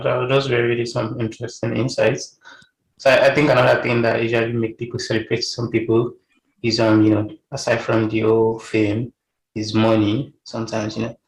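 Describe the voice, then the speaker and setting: Nigerian male co-host, low gravelly voice, flat delivery, echoey room. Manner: measured, conversational, many "you know"s. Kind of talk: casual discussion.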